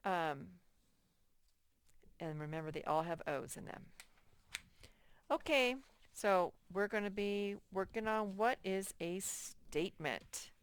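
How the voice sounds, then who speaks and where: A woman teaching a first-grade workbook lesson in a slow, patient way, repeating key points and reading example sentences aloud very slowly. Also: medium pitch, smooth. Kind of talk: recorded workbook lesson for children.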